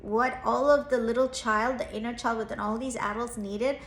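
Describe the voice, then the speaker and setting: A woman's voice: a little high, steady tone, moderate pace, fairly bright tone, roomy sound. A woman in her thirties, a therapist and parenting coach, telling a personal story in an earnest, reflective way, lifting her voice when she acts out quoted lines.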